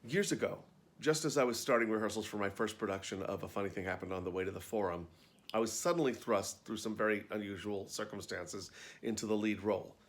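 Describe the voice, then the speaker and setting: A man's voice: on the low side, quick pace. A man reading his own backstage memoir aloud in a wry, conversational storytelling manner. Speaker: actor and storyteller.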